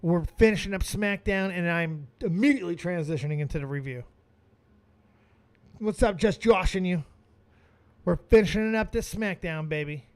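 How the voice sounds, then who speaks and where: A man hosting a live stream, giving excitable watch-along commentary with frequent exclamations and swearing. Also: high-pitched, moderate pace, long pauses. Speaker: streaming host reacting to wrestling.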